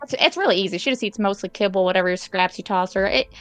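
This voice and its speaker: Halting woman player at a game table. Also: mid-range voice, clear, resonant tone, soft background music. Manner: halting, full of fillers and restarts, laughs often. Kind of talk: casual tabletop game chat.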